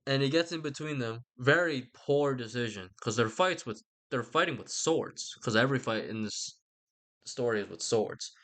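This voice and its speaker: A man's voice: medium pitch, lively intonation, normal speed, a bit bright. A man rambles through a comic retelling, swearing freely and breaking off for asides. His voice swings widely and animatedly. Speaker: vlogger.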